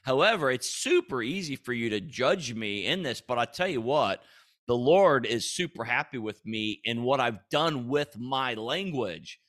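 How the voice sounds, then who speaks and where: A man's voice: mid-range voice, unhurried. A man hosting a Christian podcast, talking casually and earnestly in a rambling way, with frequent restarts and bursts of animation. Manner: rambling, repeats himself and restarts, with animated bursts when quoting God. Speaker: podcast host.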